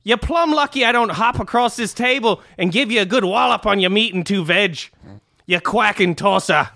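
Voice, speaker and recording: A brash, insulting bloke, as a man puts him on. The voice sits high and loud against a dry, close sound. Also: normal speed, vocal fry, no room sound, full character voice. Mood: scornful. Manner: loud, exaggerated put-on accent. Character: brash, rude British bloke, angry and mocking.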